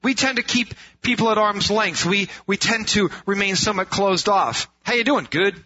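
A man's voice: high-pitched, moderate pace, pushed and bright. A man preaching a sermon in an earnest way, asking rhetorical questions and repeating phrases for emphasis. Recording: dull lo-fi sound.

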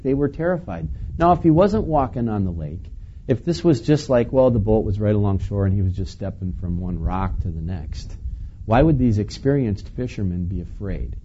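A man preaching a sermon in a relaxed, conversational way, chuckling now and then and asking the listeners questions. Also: fairly low pitch, highs cut off, a little hiss or hum. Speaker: pastor.

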